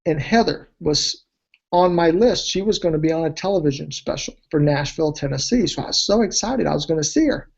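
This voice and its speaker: A man presenting a weight-loss program, telling testimonial stories in an animated way, his voice leaping high when he gets excited. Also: brisk, vocal fry, husky, highs cut off. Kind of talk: testimonial storytelling speech.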